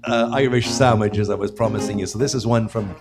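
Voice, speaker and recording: A man's voice: lowish voice, fast talker, loud music behind the voice. A man from northeast Scotland with a northeast Scottish accent, a musician reciting a ballad and telling dry-humoured jokes on a live show. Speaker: musician guest.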